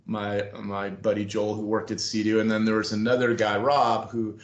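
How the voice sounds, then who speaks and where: A man's voice: fairly low pitch, flat delivery, moderate pace, lo-fi sound. A middle-aged man telling a long, rambling story in a casual interview, acting out the voices of the people in it. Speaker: interview guest, former school staff member. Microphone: video call. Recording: roomy video-call audio.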